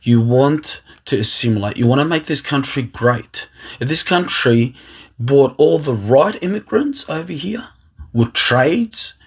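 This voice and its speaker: Impassioned husky man ranting. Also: medium pitch, expressive, measured pace. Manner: impassioned, rambling, restarts and repeats words. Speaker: aspiring political candidate. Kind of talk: emotional personal monologue.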